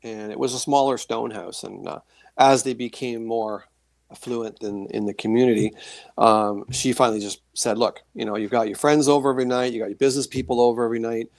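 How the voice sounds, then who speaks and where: A man's voice: medium pitch, fairly quick, vocal fry, no room sound. A middle-aged man recounts his experiences in a loose, rambling way, full of restarts. He slips into the voices and gasps of the people in his story. The sound is dry and close. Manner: rambling, animated storytelling with acted-out reactions. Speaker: guest, author and paranormal experiencer. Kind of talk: casual storytelling on a podcast.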